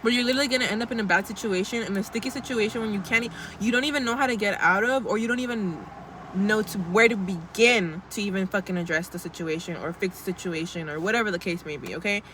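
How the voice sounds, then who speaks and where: A woman's voice: medium pitch, fast, a bit bright, slight background noise. A young woman in casual, blunt pep-talk mode, chatty and sweary, calling her viewers girl as she vlogs. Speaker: vlogger.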